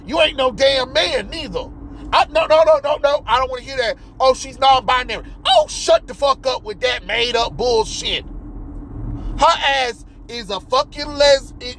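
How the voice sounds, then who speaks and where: Commentator: fired-up man with a high voice, loud, profane, exasperated rant. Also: a little hiss or hum, poor audio. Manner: loud, exasperated, swears constantly, shoots up to yelps. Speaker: video commentator.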